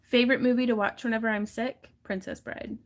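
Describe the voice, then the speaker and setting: A woman's voice: a little high, steady tone, brisk. A woman hosting a crafting livestream, chatting casually and laughing often while she wire wraps. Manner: giggly, chatty, acts out little voices in her stories.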